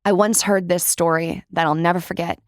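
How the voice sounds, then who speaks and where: A woman's voice: lowish voice, fairly even intonation, a little fast, dry recording, studio quality. A young woman hosting her podcast, talking in a candid, chatty way with lots of "like" and some casual swearing. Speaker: podcast host. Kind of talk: casual solo monologue.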